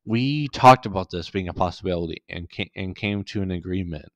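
A man voicing a caring, gently firm young woman as he reads a story aloud in a soft, earnest way. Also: low voice, brisk, no echo. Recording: dull dry lo-fi recording.

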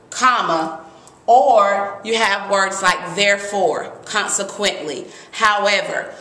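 Woman teacher, lively grammar lesson, crisp bright tone, roomy echo. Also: mid-range voice, takes it slowly. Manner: lively, emphatic, reads examples aloud. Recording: echoey room.

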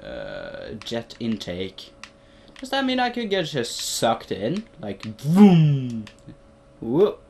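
A man's voice: on the low side, slight background noise. A young man doing playful, rambling gameplay commentary in a put-on Australian accent, talking to the characters on screen. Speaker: gaming video host.

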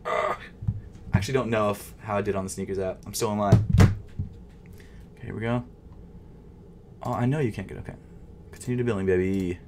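A young man giving casual running commentary as he tries to buy sneakers online, nervous and frustrated, swinging from loud outbursts to quiet mumbling, with keyboard typing behind him. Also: lowish voice, fairly even intonation, moderate pace, pauses often, background noise. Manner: nervous, stuttering. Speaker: sneaker vlogger. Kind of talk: casual live commentary while shopping online.

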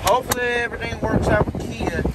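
A man's voice: very high-pitched, fast talker. A man hosting a casual vlog, easygoing and talking straight to the viewers as y'all. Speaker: vlog host. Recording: vlog audio with traffic noise.

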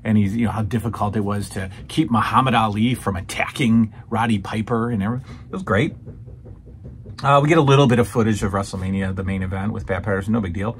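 A man's voice: fairly low pitch, steady tone, fast, a little hiss or hum. A man hosting a show that reviews old wrestling broadcasts, chatting casually and rambling with many restarts and fillers. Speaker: podcast host reviewing old wrestling shows. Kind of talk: casual chat.

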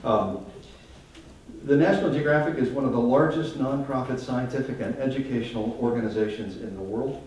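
A man's voice: mid-range voice, brisk, darkish tone, slight background noise. A man giving a humorous stage talk as a photographer, wry and self-deprecating, in front of a live audience. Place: large hall before a live audience. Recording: echoey hall, mic from far off.

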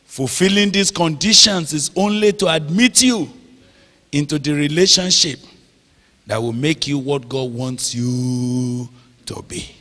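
A man preaching a sermon, slow and emphatic, drawing out phrases and checking in with the audience. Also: fairly high pitch, pushed and bright. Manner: slow, emphatic, drawn-out phrases with call-and-response questions. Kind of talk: sermon teaching. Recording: long hall reverb.

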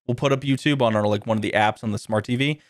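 Man, podcast host, casual chat, rambling, laughs a lot, mid-pitched voice, dry close mic. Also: fast talker, dry recording. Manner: rambling, laughs often, acts out quotes in a high voice.

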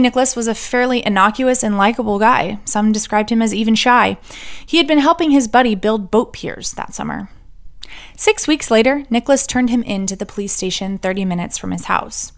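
A woman's voice: on the high side, animated, fairly quick. Lady podcaster doing true crime, dry sarcastic asides, whispers the jokes. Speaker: podcast host.

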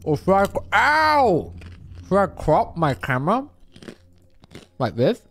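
A man chatting to his viewers during a live game stream, animated and swearing freely. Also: fairly high pitch, moderate pace. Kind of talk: live gameplay stream chat.

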